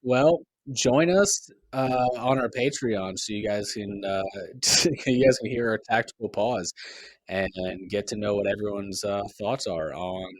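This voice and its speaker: A man's voice: on the low side, measured pace, no echo. A man running a tabletop game as game master, narrating in a laid-back way with chuckles and fillers.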